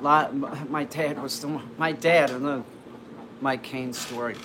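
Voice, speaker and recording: A man casually telling a personal story, rambling with lots of restarts and fillers. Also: medium pitch. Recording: noisy background ambience.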